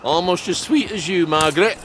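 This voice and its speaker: An actor voicing a flirtatious, smooth-talking man in a video game. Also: sits high, a little fast, fairly bright tone, a little hiss or hum. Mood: flirty. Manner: charming, teasing.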